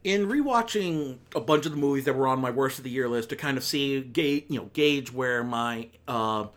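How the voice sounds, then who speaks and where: A man talking casually through a countdown of bad films, rambling and sardonic, with exasperated high-pitched outbursts. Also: moderate pace, a bit bright, soft background music. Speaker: film reviewer.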